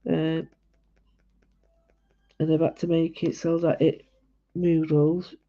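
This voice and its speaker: A low, monotone female voice speaks at a slow pace. While drawing live, she rambles homily to her viewers about the work in progress, and the livestream recording is dull and lo-fi.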